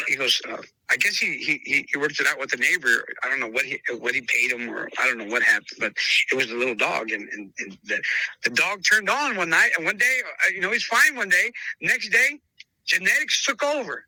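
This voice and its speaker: Emphatic man with a bright, sharp voice. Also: fairly high pitch, lively intonation, fairly quick, no room sound, low-quality recording. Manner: emphatic, acts out both sides of past conversations, keeps calling the listener brother. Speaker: dog breeder. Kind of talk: casual interview storytelling.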